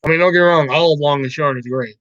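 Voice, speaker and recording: A man's voice: on the high side, fast talker, a bit bright, no room sound, lo-fi sound. A man hosting a casual livestream, rambling and swearing freely while reacting to chat. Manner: rambling, profane, laughs often. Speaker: livestream host.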